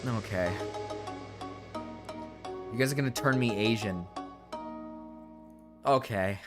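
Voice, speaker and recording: A young man streaming live and reacting to videos, excitable and giggly, swearing freely. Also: lowish voice, slow, over music.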